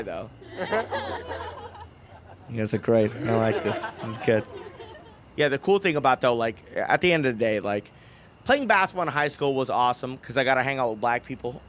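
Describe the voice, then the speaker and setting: A man performing a stand-up comedy set in a club, animated and acting out characters. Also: medium pitch. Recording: live room with audience noise.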